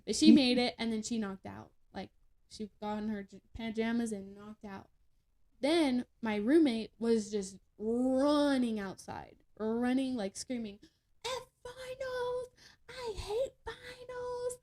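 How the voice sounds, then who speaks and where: A woman's voice: a little high, measured pace, dark tone. Chatty young woman telling a story. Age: young adult. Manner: chatty, laughing, many fillers and restarts. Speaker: podcast guest. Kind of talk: casual storytelling.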